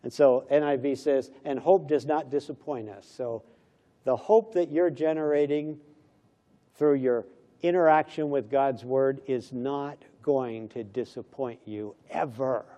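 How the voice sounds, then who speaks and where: A man's voice: medium pitch, steady tone, unhurried, mellow. A middle-aged pastor preaching a conversational sermon, acting out little everyday dialogues as he goes.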